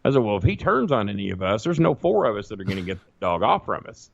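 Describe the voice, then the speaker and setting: A man telling a long, profane, animated story in a casual podcast chat. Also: lowish voice, fast talker, gravelly, no room sound, dull audio. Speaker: guest storyteller.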